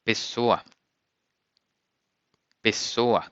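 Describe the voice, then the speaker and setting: A man teaching vocabulary in a lesson, saying each word slowly and clearly and repeating it twice. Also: mid-range voice, fairly bright tone, no echo, lo-fi sound. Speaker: language teacher.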